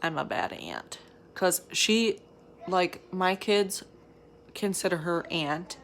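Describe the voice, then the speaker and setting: A young woman, a mother of three, chats to camera in a loose, rambling vlog style, leaning on "like" and trailing off mid-thought. Her voice sits a little low for a woman. Faint household ambience hums underneath. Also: slight background noise. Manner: chatty, rambling, lots of "like". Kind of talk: casual chat to camera.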